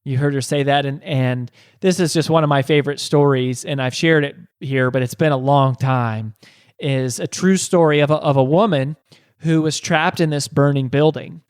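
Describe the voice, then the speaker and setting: A man's voice: a little high, fairly even intonation, normal speed, clean tone, no room sound, clean studio sound. A man hosting a podcast, telling a motivational story earnestly, with frequent restarts and rhetorical questions. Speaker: podcast host.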